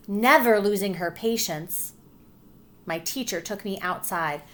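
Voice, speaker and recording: A woman teacher with a medium-pitched voice reads a picture book aloud to children. She pauses gently to ask questions and spells letters out slowly.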